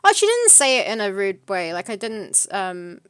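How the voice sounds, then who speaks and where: A woman's voice: mid-range voice, big pitch swings, moderate pace, a bit bright, clear, resonant tone, dry recording. British woman co-hosting a casual stream; rambling, filler-heavy storytelling. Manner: chatty, hesitant storytelling with many fillers. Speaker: streamer co-host. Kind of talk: casual chat.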